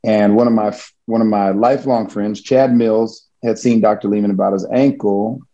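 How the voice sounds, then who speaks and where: A man from Missouri, in a relaxed interview, tells a personal story with chuckles and frequent restarts. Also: fairly low pitch, normal speed, muffled recording. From Missouri, USA. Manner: casual, chuckling, many restarts.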